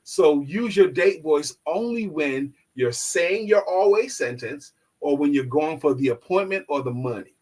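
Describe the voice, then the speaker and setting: A man with a fairly high, husky voice gives sales coaching on a live online show. He teaches in an instructive, emphatic way. Now and then he drops his voice low and slow to demonstrate. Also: lively intonation, darkish tone, poor audio.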